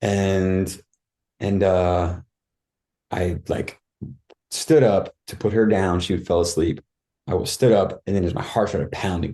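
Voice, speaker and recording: Unhurried and steady, a man with a low-pitched, warm voice shares his life story as a podcast guest. His telling is casual and frank, rambling, full of fillers and restarts.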